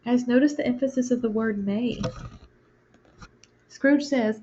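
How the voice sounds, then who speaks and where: A woman teacher with a fairly high voice reads stage directions and explains the story to her class. Her manner is plain and conversational. The recording sounds dull and lo-fi. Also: moderate pace, mellow. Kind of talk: reading a play aloud and explaining it to a class.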